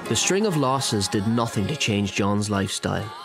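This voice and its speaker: A man reading scripted documentary narration in a measured, even way. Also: on the low side. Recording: narration over music.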